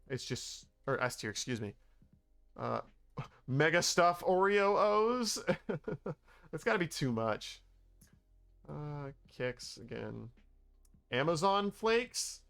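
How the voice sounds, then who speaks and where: A man's voice: medium pitch, vocal fry, a bit bright. A man streaming casually, talking in a playful, mock-exasperated way with sighing asides. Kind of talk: casual livestream commentary. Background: faint background music.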